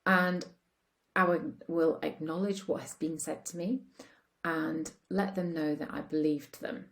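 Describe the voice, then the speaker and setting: A woman's voice: low voice, steady tone, measured pace, gravelly. A woman relationship coach talking casually, chatty with lots of fillers, acting out the voices of people she quotes. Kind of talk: casual talk to camera.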